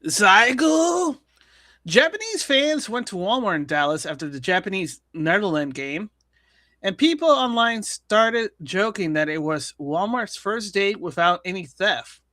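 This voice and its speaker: A man hosting a casual comedy news show, talking in halting bursts with restarts and chuckles. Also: high voice, sing-song, sharp tone, no room sound, studio quality. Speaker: news commentary host.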